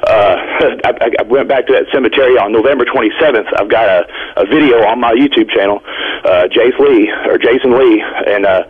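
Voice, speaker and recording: A man from Indiana calling in to a radio show, telling a rambling, excited story with nervous laughs. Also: mid-range voice, brisk, husky. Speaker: caller. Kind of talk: phone-in storytelling. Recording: tinny phone line.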